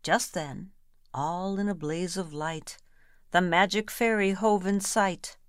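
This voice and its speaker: A woman's voice: lowish voice, slow pace, clean tone, no room sound, studio quality. A woman reading comic rhyming verse aloud with a playful, rhythmic delivery. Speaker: reader.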